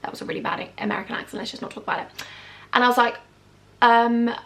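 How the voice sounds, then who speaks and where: A young woman in her twenties telling a storytime vlog to camera, animated and acting out the people she quotes. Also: on the high side, fast talker. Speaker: YouTuber.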